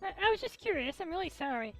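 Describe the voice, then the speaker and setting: A woman reading aloud a curious young female researcher in a game, speaking in soft, hesitant apologies. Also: very high voice, big pitch swings, fast talker, creaky, over music, exaggerated voice. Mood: apologetic.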